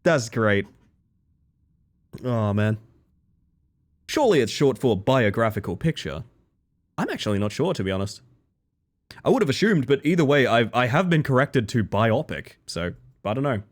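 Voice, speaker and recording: A man's voice: mid-range voice, sing-song, normal speed, long pauses. A young man chatting casually and playfully with his audience during a game stream, joking about himself and laughing often. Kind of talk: casual gaming stream chat.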